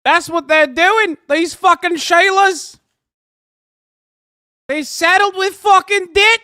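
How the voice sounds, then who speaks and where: A man voicing a loud, ranting Australian bloke in a mock Australian accent with a strained, drawn-out delivery. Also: very high voice, no room sound, studio quality, voice pushed up, full character voice.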